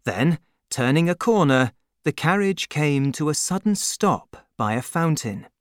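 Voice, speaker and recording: A narrator reads a novel chapter at an unhurried pace, and the pitch rises and falls with a lot of expression. The voice is smooth and clear. It is recorded close and dry, with no room sound. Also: no room sound. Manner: measured, expressive storytelling. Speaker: audiobook narrator. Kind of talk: scripted narration.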